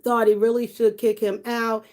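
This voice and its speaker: A woman's voice: a little high, little pitch movement, moderate pace, a little mellow. A woman hosting a live stream, reading her chat aloud and gossiping bluntly and profanely, laughing often and talking straight to her viewers. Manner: talks directly to her viewers. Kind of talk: casual live-stream commentary.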